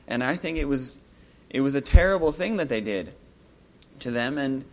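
A man giving an informal Bible talk, musing aloud as he retells a scripture story and growing lively when he acts out the scenes. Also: mid-range voice, moderate pace.

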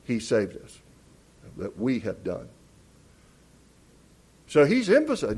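A man's voice: sits high, wildly swooping pitch, slow pace, long pauses, slightly rough. A man preaching a sermon, emphatic and teacherly, asking questions and answering them. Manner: emphatic, rising loud on key words.

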